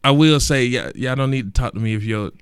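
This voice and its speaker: Man, podcast host, animated rant, loud emphatic bursts, repeats himself. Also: mid-range voice, brisk, clean tone, no room sound, clean studio sound. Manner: colloquial, repeats words for emphasis.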